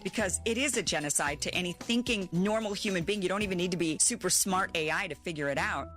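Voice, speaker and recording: A woman's voice: on the low side, lively intonation, fast, hardly any pauses, fairly bright tone, soft background music. A woman giving blunt, indignant political commentary.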